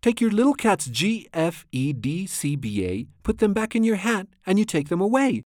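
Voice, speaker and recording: A man's voice: sits high, big pitch swings, moderate pace, a little mellow, dry recording, studio quality, pitched above the performer's own voice. A man voicing indignant young children in a storybook, scolding in a raised voice.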